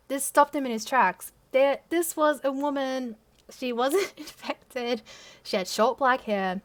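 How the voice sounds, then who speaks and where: A young woman hosting her channel, reading her old story aloud with laughing, swearing, embarrassed asides, recorded on camera. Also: on the high side. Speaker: channel host.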